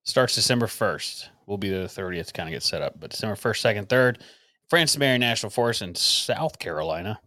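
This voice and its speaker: Laid-back male co-host, low voice, dry room, rambling delivery. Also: animated, quick pace, sharp tone, no echo. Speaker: podcast co-host. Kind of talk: casual chat.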